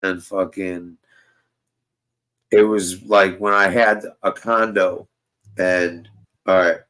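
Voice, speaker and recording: A man's voice: sits low, fairly even intonation, slow, a bit bright, low-quality recording. A young man telling rambling, profane stories in casual chat with a friend. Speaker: host.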